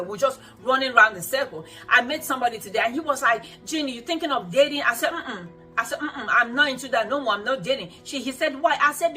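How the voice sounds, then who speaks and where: A woman's voice: a little high, pushed and bright. A woman hosting a motivational show, talking earnestly to women viewers and repeating phrases for emphasis. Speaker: host of a self-help show.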